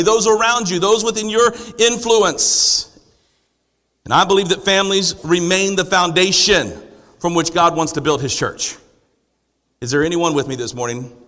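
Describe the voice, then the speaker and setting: A man's voice: high-pitched, sharp tone. A man preaching a sermon to a congregation, asking rhetorical questions and building to emphatic declarations. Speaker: pastor. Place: church sanctuary. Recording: long hall reverb.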